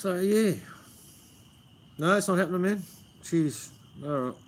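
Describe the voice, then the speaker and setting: With a high voice and a measured pace, an Australian man runs a live stream from beneath a pergola outside. He rambles in a casual way, swears, and says "man" often.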